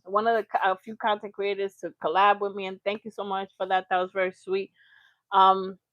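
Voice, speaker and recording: A woman hosting a live reaction stream, speaking with emphasis and shouting out her viewers by name. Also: mid-range voice, no room sound, dull audio. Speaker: livestream host.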